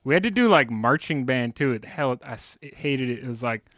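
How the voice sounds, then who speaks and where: A man's voice: mid-range voice, animated, a little fast, fairly bright tone, dry recording. Laid-back male podcast guest, dry sound. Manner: laid-back, slangy, rambling storytelling. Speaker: guest musician. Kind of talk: casual podcast chat.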